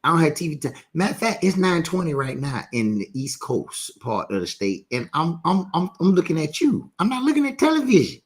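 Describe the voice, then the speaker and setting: Man co-host, casual chat, very animated delivery, pushes back hard. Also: on the high side, moderate pace, few pauses. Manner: lively, argumentative.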